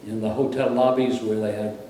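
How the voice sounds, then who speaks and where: A man's voice: lowish voice, little pitch movement, fairly quick, warm tone, heavy reverb, distant mic, slight background noise, low-quality recording. An older man from Brooklyn, New York, reminiscing in a rambling, anecdotal way during an interview. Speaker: interviewee, former radio announcer.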